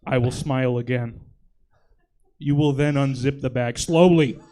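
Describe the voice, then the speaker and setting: A man doing comedic improv on stage, reading oddly precise instructions in a deadpan way, often breaking into laughter. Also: mid-range voice, a little slow.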